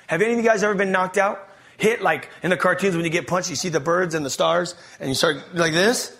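A man giving an energetic, slang-filled testimony to an audience, stumbling and restarting as he tells his story. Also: high-pitched, brisk. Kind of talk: testimony preaching to a live audience.

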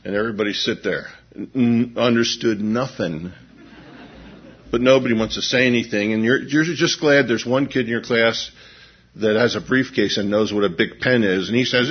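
Husky-voiced pastor in his fifties preaching. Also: mid-range voice, normal speed, lo-fi sound. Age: 50s. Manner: swings from hushed intensity to animated storytelling. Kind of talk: sermon.

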